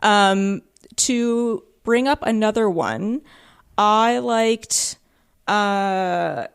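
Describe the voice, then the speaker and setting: A woman co-hosts a casual podcast about a video game, enthusiastically retelling scenes and acting out the characters' lines. Her medium-pitched voice is very slow and creaky, with a clean tone.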